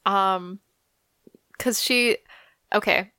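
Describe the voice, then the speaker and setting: Young woman co-host, casual rambling chatter, smooth clear tone, dry podcast mic. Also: mid-range voice, drawn-out words, pushed and bright, no room sound. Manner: chatty, lots of "like" and "I don't know". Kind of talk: casual pop-culture chat.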